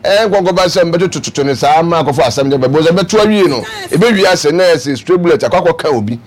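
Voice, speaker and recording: A man with a Ghanaian accent co-hosting a casual radio news discussion, talking in an animated way. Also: a little high, fast talker. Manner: animated, laughs and exclaims. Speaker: radio co-host.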